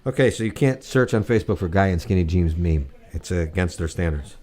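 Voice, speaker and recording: A low-pitched man chatting casually on a livestream about a football draft. He laughs at his own jokes and stretches out words to make a point. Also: animated, a little fast, a little mellow. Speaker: livestream co-host.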